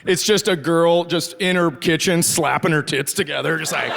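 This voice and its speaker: Before a live theater audience, a middle-aged Midwestern comic runs a profane, sardonic set, acting out characters from his stories. His gravelly voice is fairly high and fairly bright, at a moderate pace with few pauses. The stage-mic recording has a little hiss or hum and constant crowd laughter.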